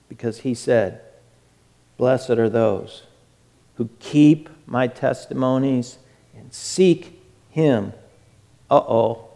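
A man preaching a sermon with fervor, moving between loud urging and a soft hush. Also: medium pitch, long reverb tail.

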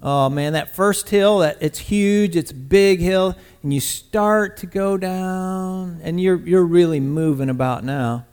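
A man preaching a sermon in a conversational, animated way, speaking directly to his congregation and swinging from loud bursts to quiet asides. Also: high voice, slow pace, few pauses, clean tone. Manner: talks to the congregation directly, calling on people by name.

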